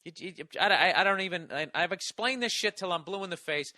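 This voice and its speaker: A man's voice: high voice, fairly quick, pushed and bright, dry recording, clean studio sound. A man hosting a podcast, delivering an exasperated, profanity-laced comedic rant full of restarts. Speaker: podcast host. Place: Los Angeles.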